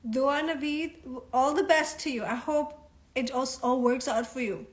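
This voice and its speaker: A woman's voice: high-pitched, a little slow. A woman coaching on a casual live stream, chatty and frank, swearing now and then and checking that listeners follow. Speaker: self-development coach.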